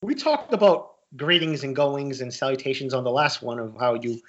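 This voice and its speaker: A man's voice: medium pitch, lively intonation, normal speed, fairly bright tone. A man co-hosting a podcast in casual chat, joking, swearing and rambling. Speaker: podcast co-host. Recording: dull lo-fi sound.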